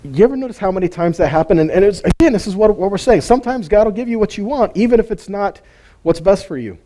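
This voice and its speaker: A man's voice: high-pitched, lively intonation, fast talker, mellow. A man giving an informal sermon teaching, conversational and full of rhetorical questions and chuckling asides. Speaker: Bible teacher.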